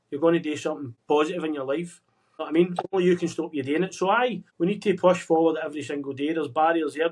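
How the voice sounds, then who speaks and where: An earnest man talks quickly, pressing out encouragement in a slightly raised voice. He keeps turning to the listener with a friendly "mate", like a pep talk between old friends. The sound is that of a video call. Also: fairly high pitch, a little mellow. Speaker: podcast guest. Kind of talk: motivational casual chat. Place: remote conversation across the world.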